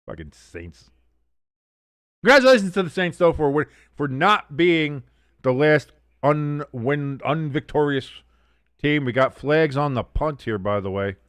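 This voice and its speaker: A male stream host giving casual play-by-play with plenty of jokes and the odd curse. His voice is lively and moves up and down a lot. The sound is dry and close, with no room echo. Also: mid-range voice, measured pace, smooth. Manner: joking, profane, animated. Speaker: livestream host doing play-by-play.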